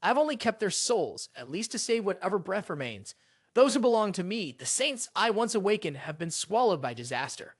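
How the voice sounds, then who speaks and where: Male narrator as a proud sun god, indignant, high and animated, storybook recap. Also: a little fast, no echo, clean studio sound. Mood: calm. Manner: indignant, complaining.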